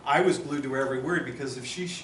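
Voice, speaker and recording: Man at a memorial, emotional storyteller, middle pitch, roomy and distant. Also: fast talker, a bit bright, slight background noise. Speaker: memorial speaker. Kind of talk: personal memorial speech. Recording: roomy hall, far from mic.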